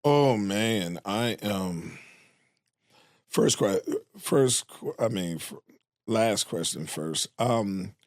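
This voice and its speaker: Laid-back deadpan male comedian guest. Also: lowish voice, drawn-out words, dry recording, studio quality. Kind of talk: casual chat.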